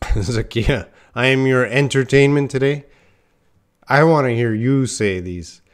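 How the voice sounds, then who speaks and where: A man's voice: mid-range voice, a little slow. A man giving a casual live-stream lesson, chatting to viewers by name and laughing at his own slips. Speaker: English teacher.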